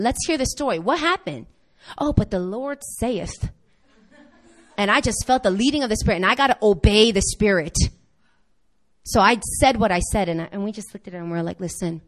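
A woman pastor preaching a sermon, telling a church story with lively acted-out quotes. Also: fairly high pitch. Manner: animated storytelling, acts out quoted voices.

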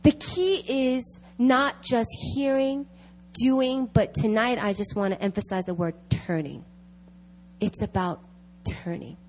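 A woman's voice: medium pitch, steady tone, unhurried, a little mellow, a little hiss or hum. A woman giving an emphatic sermon at a prayer meeting, repeating key phrases to drive them home. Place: church meeting.

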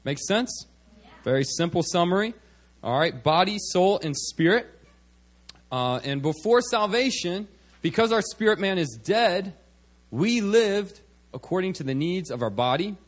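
A man preaching a sermon at a church service, speaking conversationally and often checking in with "okay" and "all right". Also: fairly high pitch.

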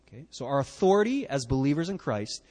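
A man's voice: mid-range voice, very animated, fast, darkish tone, long reverb tail. A man preaching a sermon and teaching from the Bible, emphatic, with rhetorical questions and repeated "right?" checks. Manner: emphatic, asks the listeners "right?".

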